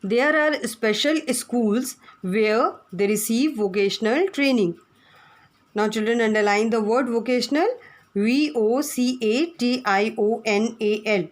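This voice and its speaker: A woman's voice: a little high, a little slow. A woman teacher, giving a lesson to children and spelling words out letter by letter.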